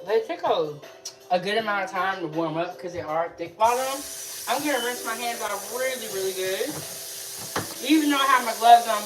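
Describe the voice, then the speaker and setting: A young adult woman hosting a casual cooking livestream from her home kitchen, chatting and answering viewers' comments as she cooks. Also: on the high side. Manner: chatty, reads out and answers live chat comments. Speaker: cooking show host.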